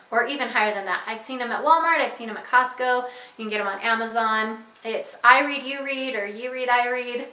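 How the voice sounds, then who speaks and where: A woman's voice: fairly high pitch, sharp tone, reverberant, distant mic, poor audio. A woman who teaches reading, explaining to parents how to guide their child, patient and repeating her key points. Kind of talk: instructional talk to parents.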